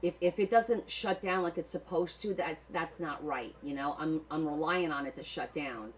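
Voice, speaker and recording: A woman's voice: low-pitched, normal speed, slight background noise, poor audio. A woman hosting a live online auction of her handmade journals, chatting affectionately with viewers, thanking them by name and often repeating words as she talks. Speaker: livestream seller of handmade journals. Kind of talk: casual live auction chat.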